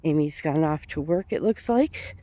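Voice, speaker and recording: A woman's voice: sits low, animated, moderate pace. A woman vlogging while walking outdoors, out of breath and with a cold, chatting in a rambling, easygoing way. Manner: chatty, rambling, laughs softly. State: has a cold. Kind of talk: casual vlog chat while walking. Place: outdoors on a sidewalk.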